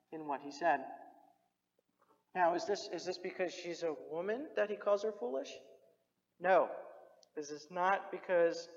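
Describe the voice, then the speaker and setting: A preacher giving a sermon who talks directly to the listeners and urges them on, often repeating key phrases. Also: mid-range voice. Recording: dull recording with long hall reverb.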